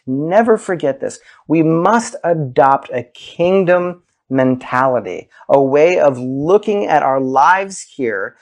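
Male pastor, gravelly, unhurried sermon delivery with big swings between high quotes and hushed asides. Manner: slow, emphatic preaching, soaring high when quoting, dropping low and soft.

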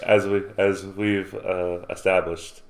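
Male co-host, very deep voice, laid-back, faint hiss behind. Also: level tone, slow, creaky. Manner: laid-back, mostly short agreements. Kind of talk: casual chat.

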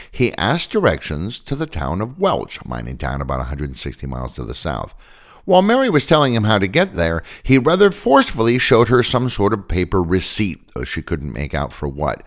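A man hosting a podcast, telling a strange tale in scripted narration with dry asides. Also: fairly low pitch. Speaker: podcast host.

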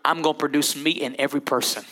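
A man doing a grave, deep-voiced Jesus. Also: steady tone, fast, sharp tone. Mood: solemn. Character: Jesus, calm solemn grown man speaking low.

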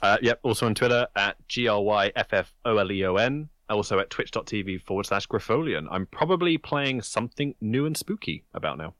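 A man co-hosting a podcast, joking in a mock-serious way and laughing often. His low voice swings widely in pitch, and it is recorded dry and close. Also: lively intonation, a little fast, hardly any pauses, fairly bright tone, dry recording. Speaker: podcast co-host. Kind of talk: casual chat.

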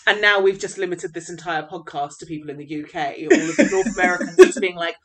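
A woman's voice: lowish voice, fast talker, a bit bright. An English woman co-hosting a podcast, chatting casually with a dry, teasing manner. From England. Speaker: podcast co-host. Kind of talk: casual chat.

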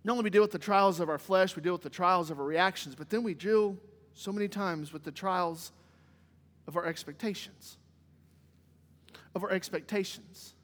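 A pastor delivering a sermon with a strikingly high voice for a man. He drives points home by repeating phrases. His words ring out with a long church reverb behind them. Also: normal speed, long pauses, a bit bright. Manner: emphatic preaching with repeated phrases. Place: church sanctuary.

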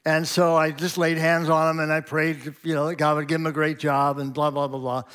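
A man's voice: fairly high pitch, level tone, brisk, fairly bright tone, clean tone. A middle-aged man, a pastor, tells a personal story in a sermon, chatty and anecdotal, acting out quoted dialogue with light chuckles.

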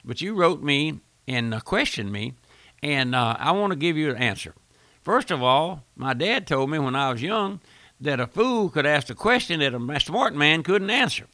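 An older radio preacher with a gravelly, forceful voice, recorded close and dry. He preaches a fiery sermon in a folksy, emphatic way, repeating his phrases and building to forceful bursts. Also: on the high side, sing-song, moderate pace, dry recording.

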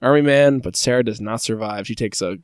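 A man co-hosting a podcast, recapping in a relaxed, wry way and slipping in deadpan jokes. His pitch sits in the middle of the range, and the recording is dry and close. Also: brisk, smooth, dry recording. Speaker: podcast co-host. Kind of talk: casual podcast chat, recapping a show.

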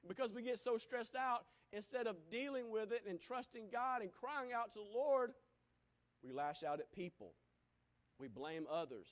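A man preaching a sermon, swinging from loud exclamations to hushed, quiet lines. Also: high-pitched.

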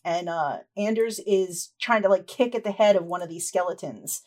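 A woman running a tabletop game as game master, describing scenes in a relaxed, chatty way with frequent fillers. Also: lowish voice, normal speed.

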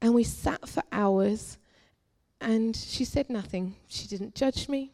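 A young adult woman, a guest preacher at a church, giving an earnest, confessional testimony that moves between forceful and hushed. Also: on the high side, slow pace. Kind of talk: personal testimony sermon.

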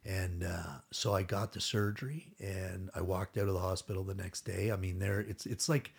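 A man's voice: sits low, steady tone, moderate pace, creaky, husky. A middle-aged man telling a long story as a podcast guest, rambling and acting out what others said, with casual swearing.

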